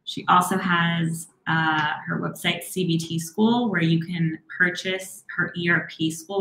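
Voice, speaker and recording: Woman therapist talking in an echoey room. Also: fairly low pitch. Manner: quick, warm-toned advice with many "um"s and restarts. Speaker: therapist answering live questions. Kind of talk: live Q&A, casual explanation.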